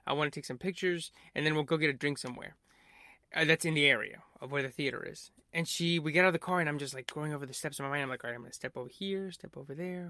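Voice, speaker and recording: A man's voice: a little high, racing, sharp tone, dry recording, studio quality. A young man hosting a podcast, telling a long story casually with lots of fillers and acted-out quotes. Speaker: podcast host.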